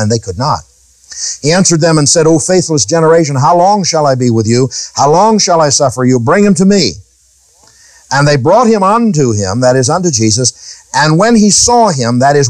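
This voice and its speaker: A man's voice: medium pitch, dry recording, poor audio. A man preaching a Bible teaching sermon in an emphatic way, reading verses aloud and asking his listeners rhetorical questions.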